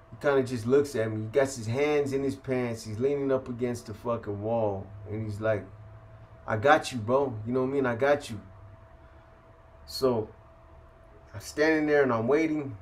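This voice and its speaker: A man's voice: mid-range voice, a little mellow. A man from San Francisco telling a prison story in casual, profane street slang, full of "you know" and "man". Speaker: host telling prison stories.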